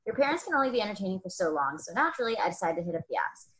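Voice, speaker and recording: Woman co-host, reads listener letter aloud, steady and even. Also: medium pitch, very fast, slight background noise. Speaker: podcast co-host.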